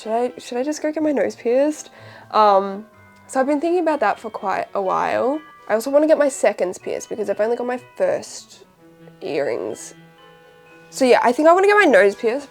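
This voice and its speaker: A young Australian woman in casual, rambling chat as a vlogger, wrapping presents while she talks. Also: a little high.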